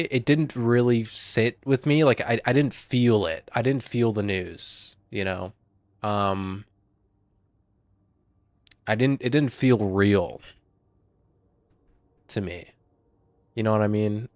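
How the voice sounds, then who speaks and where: A man's voice: on the low side, slow, pauses often, darkish tone, dry recording, studio quality. A young man streaming a game and chatting casually with viewers, sighing and emotional, on the verge of tears. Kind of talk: casual live-stream chat.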